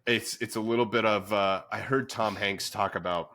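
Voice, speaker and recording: A man, a fitness coach and podcast host, talking in a calm, even-keeled way with many fillers. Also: fairly low pitch, moderate pace. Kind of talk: casual podcast chat.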